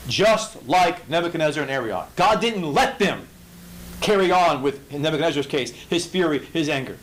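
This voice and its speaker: A man leading an informal Bible study, emphatic and full of rhetorical questions, swinging from low murmurs to loud bursts. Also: expressive, moderate pace, rough recording.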